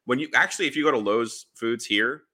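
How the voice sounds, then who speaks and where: A man's voice: medium pitch, brisk, bright, forceful tone. A man from New Jersey co-hosting a sports podcast, explaining things in a wry, chatty way. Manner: explanatory, wry, acts out quoted reactions. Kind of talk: casual sports chat.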